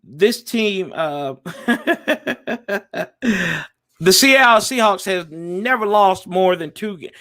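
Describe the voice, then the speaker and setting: A man's voice: high voice, slow pace, long pauses, pushed and bright, no room sound, clean studio sound. A man hosting a podcast from home, giving a casual sports preview in a loose, chatty way with plenty of fillers and self-corrections. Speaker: podcast host.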